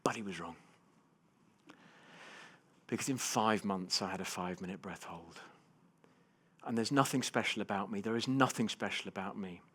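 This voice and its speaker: Animated man telling stories on stage. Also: on the low side, moderate pace, pauses often, slightly rough. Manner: animated storyteller, swings from hushed to loud. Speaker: keynote speaker. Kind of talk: motivational keynote storytelling. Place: conference stage before a live audience.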